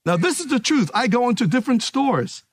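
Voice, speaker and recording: A man preaching a sermon, emphatic and calling out to his congregation, easing into relaxed stories. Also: extremely high pitch, fairly quick, no room sound, studio quality. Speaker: pastor.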